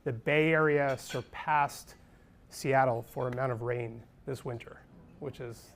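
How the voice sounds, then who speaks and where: Speaking at a measured pace in a steady, mid-range voice, a California man hosts a live panel discussion on a conference stage before an audience. Ums and restarts come often, and a little hiss or hum sits under the audio.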